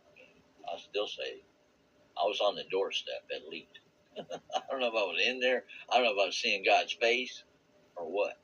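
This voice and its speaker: A man giving a rambling, earnest personal testimony about a spiritual experience. He searches for words and laughs softly now and then. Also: fairly low pitch, expressive, moderate pace, long pauses, slightly rough, highs cut off. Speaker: vlogger sharing a spiritual experience.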